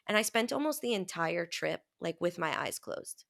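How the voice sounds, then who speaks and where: A woman's voice: lowish voice, animated, moderate pace, gravelly, fairly bright tone. A woman co-hosting a podcast, chatting casually and telling stories with lots of energy, acting out her own quotes and swearing freely. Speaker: podcast co-host. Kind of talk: casual chat.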